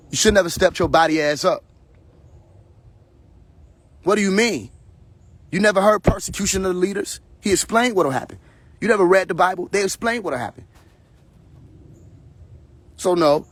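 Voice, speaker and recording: Guy going off on a live stream, kinda high raspy voice, preachy, cussing, repeats himself, dry sound. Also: dry recording. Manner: confrontational, preachy, profane, repeats phrases. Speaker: livestream host. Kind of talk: heated casual rant on a live stream.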